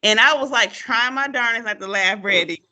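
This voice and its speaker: Woman in her 30s, bright voice, hosts a casual chat, laughs a lot and acts out what her students said. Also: a little high, normal speed. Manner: animated storyteller, acts out quotes, laughs often. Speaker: podcast host, former teacher.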